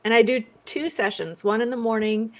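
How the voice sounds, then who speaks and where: A woman's voice: a little high, steady tone, a little fast. A woman author and medium, a guest in a casual interview chat, talking in an easygoing, rambling way.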